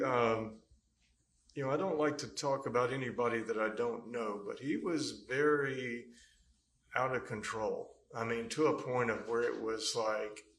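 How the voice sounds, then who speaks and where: A man on the witness stand recounts events in a rambling, halting manner, often pausing on fillers. His voice has a gravelly, creaky edge. The courtroom mic picks up noticeable room echo. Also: mid-range voice, fairly bright tone. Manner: rambling storyteller, hesitant with many fillers. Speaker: trial witness. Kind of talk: courtroom testimony.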